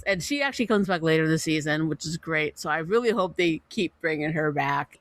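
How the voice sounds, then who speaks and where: A woman's voice: mid-range voice, a bit bright, dry recording. A woman hosting a podcast, reviewing comedy clips in a chatty, giggly, enthusiastic way. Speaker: podcast host. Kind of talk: casual review chat.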